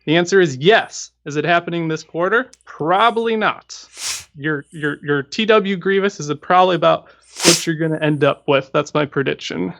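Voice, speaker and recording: A man's voice: a little high, normal speed, gravelly, a bit bright. A man hosting a casual gaming stream, answering viewer questions in a rambling way and often repeating words as he thinks. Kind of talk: casual chat. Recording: dull lo-fi stream audio.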